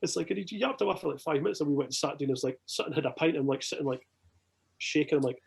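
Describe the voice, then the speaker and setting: A Scottish man chatting as a podcast guest, spinning an excitable story full of swearing and false starts. His voice is husky and sits in a middling pitch. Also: very fast, low-quality recording. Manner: excitable, swears often, many restarts. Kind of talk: casual chat, storytelling.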